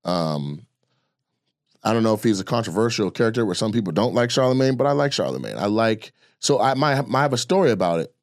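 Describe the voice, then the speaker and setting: A man talking in a casual podcast chat, animated and loose, swearing freely. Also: on the low side, fairly quick, no echo, studio quality. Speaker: comedian and podcast guest.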